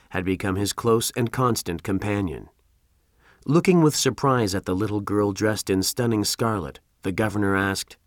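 A man narrating a classic novel as an audiobook, in a steady storytelling voice. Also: on the low side, no room sound, clean studio sound.

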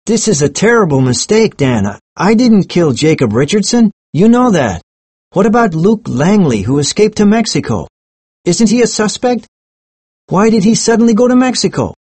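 A man's voice: sits high, sing-song, moderate pace, darkish tone, husky, no room sound, pitched above the performer's own voice, full character voice. A man doing an indignant ranch uncle. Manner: indignant, pleading. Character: angry middle-aged male ranch owner.

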